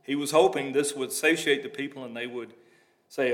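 A man's voice: medium pitch, steady tone, moderate pace. A man preaching a sermon, reading scripture aloud and breaking into plain conversational asides to explain it.

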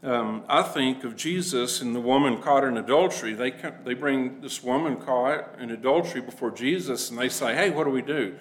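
A man's voice: mid-range voice, normal speed, hardly any pauses, poor audio. A man teaching a conversational Bible class to a congregation, plain-spoken and acting out the people he quotes.

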